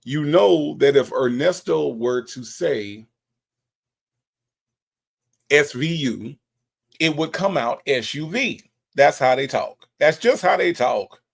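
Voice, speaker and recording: A man's voice: on the high side, animated, takes it slowly, vocal fry, pauses often, husky. A male host reading out chat comments during a livestream and answering them with sassy, emphatic repetition.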